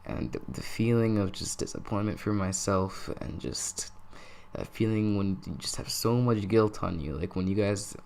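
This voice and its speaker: Young guy with a low gravelly voice, rambling storytime, says like every other word and swears a lot. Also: fairly even intonation, normal speed, darkish tone, slight background noise. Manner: rambling, fills nearly every phrase with "like"; swears freely and laughs through the telling. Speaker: vlogger. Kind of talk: casual storytime narration.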